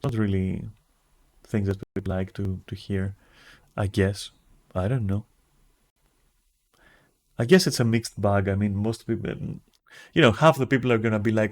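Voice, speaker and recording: A man's voice: moderate pace, pauses often, darkish tone. A man streamer ranting casually and bluntly, swearing freely and acting out little conversations as he talks. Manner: acts out conversations with shifting pitch.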